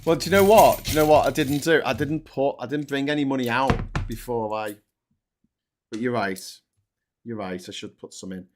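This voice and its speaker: A man from Liverpool, England, with a Liverpool accent and a medium-pitched voice speaks at a moderate pace over background noise. He hosts a casual political chat show, chatty and sweary, rambling and joking at his own expense.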